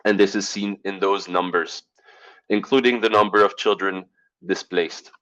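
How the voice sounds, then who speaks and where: A man giving an online presentation over a video call, halting with fillers and clearing his throat as he loses his voice. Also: low voice, steady tone, a bit bright, muffled recording. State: losing his voice.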